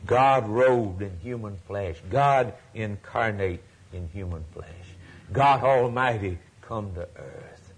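Husky-voiced impassioned male preacher. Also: lowish voice, takes it slowly. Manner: impassioned, swings from loud declaring to hushed near-whispers; folksy, repetitive phrasing. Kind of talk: sermon.

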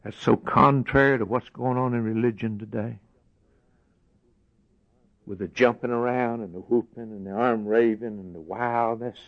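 This is a man preaching, earnest and down to earth. He sits at a middling pitch and moves between quiet, hushed stretches and raised, emphatic lines. The recording is dull and lo-fi, like an old church tape. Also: fairly even intonation, normal speed. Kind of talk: sermon.

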